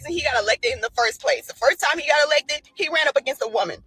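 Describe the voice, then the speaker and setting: A woman's voice: sits high, lively intonation, quick pace, bright, forceful tone. A young woman venting on a vlog, upset and exasperated. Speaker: social media poster. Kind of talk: emotional vlog rant.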